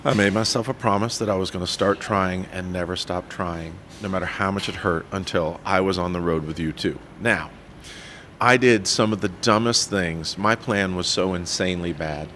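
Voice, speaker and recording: A man as a podcast guest, telling his life story in an animated, self-deprecating way and acting out what people said. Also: low voice, moderate pace, a little hiss or hum. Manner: animated storyteller who acts out his own quotes. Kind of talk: storytelling interview.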